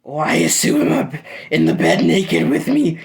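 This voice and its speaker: A man voicing a flustered teenage boy hero who stammers and panics, his voice climbing higher. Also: huge pitch swings, normal speed, vocal fry, husky, exaggerated voice.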